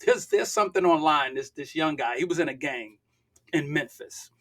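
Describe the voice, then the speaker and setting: An older man speaking as a podcast guest, emphatic and preachy, repeating his points and sometimes nearly shouting. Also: on the high side, expressive, normal speed. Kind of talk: impassioned podcast talk.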